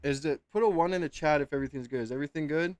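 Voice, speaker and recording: A man's voice: fairly high pitch, rapid-fire, a little mellow, no room sound. A man in his thirties hosting a casual livestream from home, rambling and frustrated, swearing and then correcting himself. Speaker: livestream host. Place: home room. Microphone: webcam setup at home.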